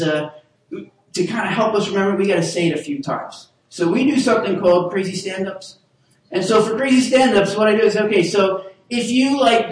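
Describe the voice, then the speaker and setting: A man preaching a sermon in a casual, halting way with many restarts, leading his listeners in call-and-response. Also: high-pitched. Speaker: pastor. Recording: echoey hall, voice from far off.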